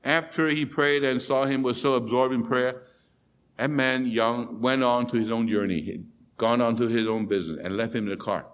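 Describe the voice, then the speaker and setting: A male preacher interprets his own sermon. His voice sits in a middle register. He tells an animated story, dropping soft and then rising loud. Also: mid-range voice, normal speed.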